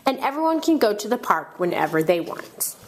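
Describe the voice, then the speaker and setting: A woman reads a children's picture book aloud, telling the story with expressive, animated delivery. Her voice rises and falls widely across the lines, keeping young listeners engaged. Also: mid-range voice, brisk, a little hiss or hum. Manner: expressive storytelling, shouting out characters' cries. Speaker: narrator.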